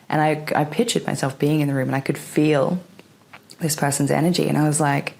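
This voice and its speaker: A woman's voice: low voice, steady tone, a little fast, gravelly, darkish tone. A woman talking casually to camera about spiritual matters, laughing often, swearing lightly, and acting out her own remarks. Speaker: spiritual vlogger.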